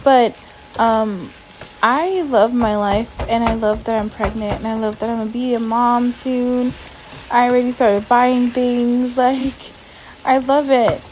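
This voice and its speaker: Lying down at home, a woman records a casual vlog voiceover on a voiceover mic, her voice set a little high and her tone steady and unhurried. She sounds emotional and stressed, speaking softly, sighing often, and filling gaps with "like," with background noise present.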